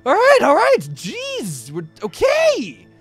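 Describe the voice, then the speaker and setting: A man voicing a frightened male townsperson in a tabletop game, yelling in a high, panicky voice. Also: wildly swooping pitch, takes it slowly, faint music behind, exaggerated voice.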